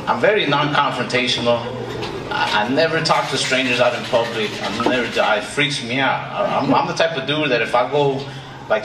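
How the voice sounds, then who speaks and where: Halting self-deprecating male stand-up, far off. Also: mid-range voice. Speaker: stand-up comedian. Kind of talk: stand-up comedy set. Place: comedy stage before a live audience. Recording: distant echoey room with loud noise.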